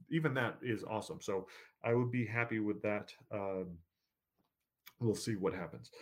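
A man who writes horror fiction, chatting casually in a vlog about his upcoming writing projects, rambling with lots of fillers and self-corrections. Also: mid-range voice.

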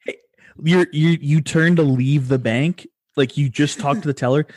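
A man's voice: on the high side, normal speed, a little mellow, no room sound, studio quality. A young man co-hosting a casual podcast chat, joking crudely and swearing a lot. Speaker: podcast co-host.

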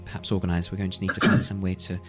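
A man voicing an organized but halting companion who plans aloud with many pauses. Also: deep voice, flat delivery, fairly bright tone, soft background music. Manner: halting, full of ums while planning.

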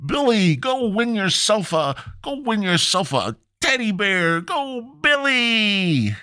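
A shrill carnival parent, nagging and pushy, calls out in a high, stretched, squawking voice, as a man puts it on. The voice jumps far above his own low tone, in a dry, close comic retelling. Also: sing-song, bright, forceful tone, clean tone, no room sound, full character voice. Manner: high, drawn-out, pushy calling. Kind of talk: comic storytelling.

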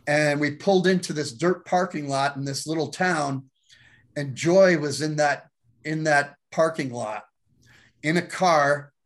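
A man, a pastor, telling his faith story as a guest, animated and laughing often as he acts out the voices in it. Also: on the high side. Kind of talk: storytelling testimony.

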